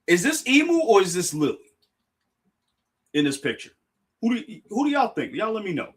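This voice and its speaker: A young man live-streaming a reaction, talking excitedly, stumbling over words and thanking his chat. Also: sits high, moderate pace, husky. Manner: excitable, restarts and apologizes, addresses chat. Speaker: streamer reacting to a manga chapter.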